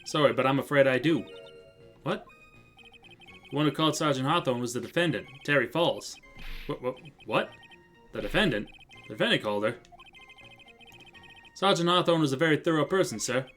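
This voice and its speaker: A man's voice: mid-range voice, animated, moderate pace, pauses often, a bit bright, soft background music, lightly acted. A dutiful police detective from a courtroom game, read by a man in his own everyday voice. He answers in a deferential, businesslike way and keeps adding "sir" to the end of his statements. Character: dutiful male police detective giving testimony.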